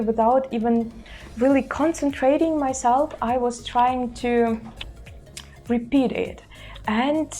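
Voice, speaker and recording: A woman's voice: medium pitch, darkish tone. A young woman whose first language is Russian, speaking with a Russian accent and chatting casually to camera about learning a language, with many fillers and restarts.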